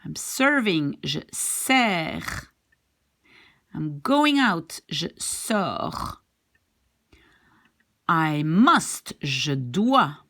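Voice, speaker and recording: A woman's voice: sits low, sing-song, very slow, long pauses, a bit bright. A woman whose first language is Dutch, teaching French in an online lesson and patiently drilling vocabulary aloud.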